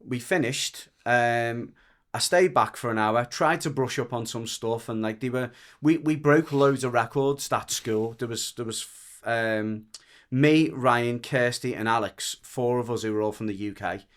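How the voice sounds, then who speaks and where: A man's voice: medium pitch, measured pace, a bit bright. A man from the Wirral with a Merseyside accent, telling a story in casual podcast chat, rambling and frank, often restarting and swearing. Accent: Merseyside English. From the Wirral, England. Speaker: dog trainer and podcast guest.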